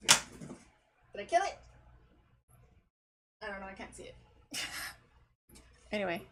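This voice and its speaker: A woman streamer chatting casually while reacting to videos, rambling and laughing often, and talking to her cat. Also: fairly high pitch.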